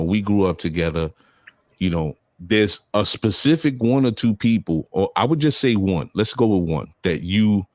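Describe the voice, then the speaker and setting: A man's voice: sits low, no room sound, clean studio sound. A man hosting a casual podcast chat, talking bluntly and animatedly. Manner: blunt, animated storytelling with profanity. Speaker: podcast host.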